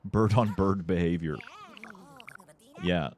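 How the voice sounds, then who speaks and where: A man commenting casually on his own speedrun, relaxed and joking as he talks to chat. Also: deep voice, slow. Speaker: speedrunner streamer. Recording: faint game music behind.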